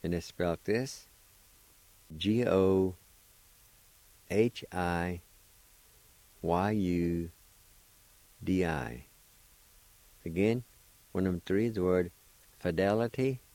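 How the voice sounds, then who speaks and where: Slow, deep-voiced older man teaching words. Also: warm tone, no room sound. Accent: Cherokee-speaking Oklahoma. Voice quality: patient, repeats each word and syllable. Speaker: language teacher on a radio show. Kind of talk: slow spelled-out language lesson.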